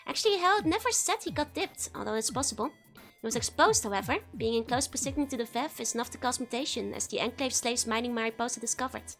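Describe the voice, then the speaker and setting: A woman's voice: fairly high pitch, animated, fast, a bit bright, soft background music. A woman streamer giggling and chatting as she reads a game text aloud on a casual livestream. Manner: giggly and chatty, laughs often between lines.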